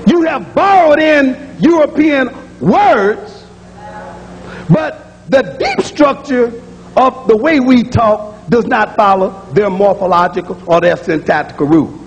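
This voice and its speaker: A man's voice: very high-pitched, long reverb tail, muffled recording, a little hiss or hum. A man giving a public lecture to an audience. He speaks emphatically, repeats key points and sounds out speech sounds aloud.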